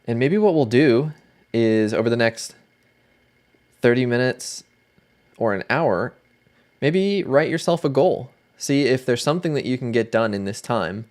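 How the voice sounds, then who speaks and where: A man hosts a relaxed livestream from his desk mic. His voice sits at a middle pitch, and he chats loosely with viewers, greeting them by name. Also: unhurried, pauses often. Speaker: livestream host. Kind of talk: casual livestream chat.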